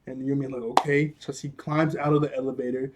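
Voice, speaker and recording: A young man casually recapping a cartoon episode, rambling and laughing often as he acts out the characters' lines in quick voices. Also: medium pitch, level tone, background noise. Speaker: video reviewer.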